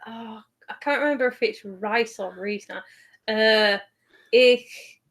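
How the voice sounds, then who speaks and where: A woman's voice: fairly high pitch, slow, a bit bright. Giggly woman chatting on stream. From England. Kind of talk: casual stream chat.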